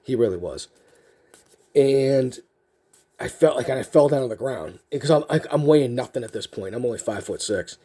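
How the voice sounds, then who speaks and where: A man's voice: medium pitch, lively intonation, normal speed, mellow. A man telling a story casually as a card video host, rambling with lots of fillers and restarts.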